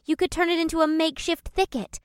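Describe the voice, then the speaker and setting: A woman's voice: very high-pitched, fairly even intonation, fast, no echo, clean studio sound. A woman voicing a sassy young blonde woman with a teasing, breezy manner in an audiobook. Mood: explaining. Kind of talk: audiobook character voice.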